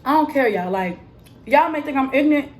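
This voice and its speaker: A young woman telling a story in a casual, animated vlog style, emphatic and full of fillers. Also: high-pitched, brisk. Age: young adult. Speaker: vlogger and cosmetics counter worker.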